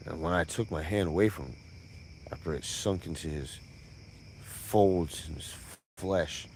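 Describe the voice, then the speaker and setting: A man's voice: low voice, a little slow, a little mellow, a little hiss or hum. A man telling a profane comic tall tale on a live stream, with conversational asides.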